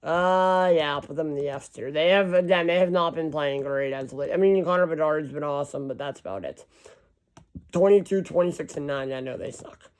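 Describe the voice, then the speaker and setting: A man's voice: on the high side, a little fast, clear, resonant tone. A man in casual solo commentary, rambling and correcting himself as he reads long lists of teams aloud. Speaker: hockey fan ranking team schedules.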